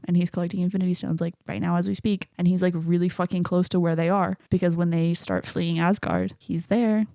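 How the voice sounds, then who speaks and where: A woman's voice: on the low side, brisk, hardly any pauses, dark tone, no echo, clean studio sound. A woman hosting a podcast, chatting casually about a film, swearing freely and acting out quotes. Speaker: podcast host. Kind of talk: casual solo film commentary.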